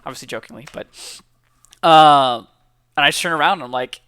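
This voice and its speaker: A man's voice: fairly high pitch, a little fast, a bit bright, clean tone, no room sound, studio quality. A young man, a college student, chatting casually and upbeat to camera, with lots of fillers and repeated words. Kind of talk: casual motivational chat to camera.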